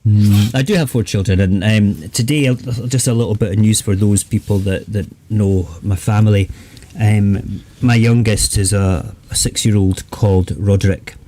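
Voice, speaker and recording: A man's voice: on the low side, fairly even intonation, normal speed, hardly any pauses, warm tone, slight background noise. A Scottish man hosting a late-night live chat stream, rambling and jokey, often trailing off and restarting.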